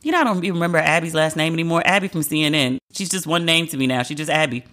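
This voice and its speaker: A woman's voice: low-pitched, very fast, a bit bright. A woman hosting a podcast, giving casual news commentary in a candid, rambling way with frequent asides. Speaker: podcast host.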